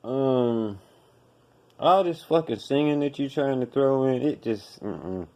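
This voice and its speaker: A man rants on his own podcast, blunt, profane and scolding. His voice is mellow and warm rather than bright, and his pitch sits at an average height for a man. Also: takes it slowly. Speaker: podcast host. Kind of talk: profane commentary rant.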